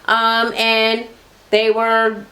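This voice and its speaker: A woman's voice: fairly high pitch, monotone, extremely slow, sharp tone. A woman casually recapping a reality TV episode, swearing heavily and talking in slang, acting out people she quotes in a raised voice. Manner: heavy swearing, slangy, drawling.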